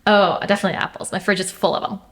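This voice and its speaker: A woman's voice: medium pitch, fairly even intonation, fast, fairly bright tone. A young adult woman chatting as an interview guest, thoughtful, with many fillers and restarts. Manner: thoughtful, frequent fillers and restarts, laughs easily. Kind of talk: casual interview chat.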